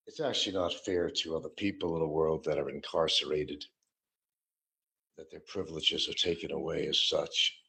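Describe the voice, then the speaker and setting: Man, deep voice, gravelly, rambling sarcastic livestream talk. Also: steady tone, moderate pace, background noise. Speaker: streamer.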